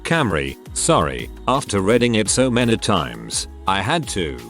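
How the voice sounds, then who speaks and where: Man narrating online stories, low voice, lively intonation, faint music underneath. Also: measured pace. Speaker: story narrator. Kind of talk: reading online posts aloud.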